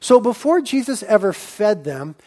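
A man delivers a sermon in a high voice. He keeps it conversational and acts out the lines of the people in the story. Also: sing-song, normal speed, darkish tone. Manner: conversational preaching with acted-out quotes. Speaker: preacher.

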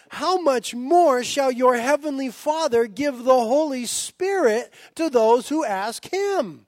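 A man's voice: very high voice, animated, slow pace, hardly any pauses, no echo. A man in his thirties preaching a sermon as pastor, earnest and building to fervent emphasis.

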